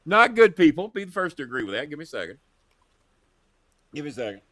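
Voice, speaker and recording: A man hosting a talk show, telling profane political stories in a lively, animated way. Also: on the high side, fast, no room sound, clean studio sound. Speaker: show host. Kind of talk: casual political chat. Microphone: earpiece headset.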